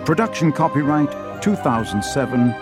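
A man narrating an audiobook in a measured, expressive storytelling manner, recorded close in a studio. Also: fairly high pitch, loud music behind the voice. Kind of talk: scripted narration. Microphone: close studio mic.

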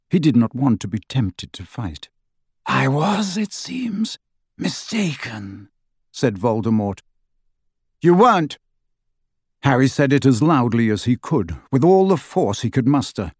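A man's voice: medium pitch, mellow, no room sound. Man reading a story dramatically, dry sound. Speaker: audiobook narrator. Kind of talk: scripted narration.

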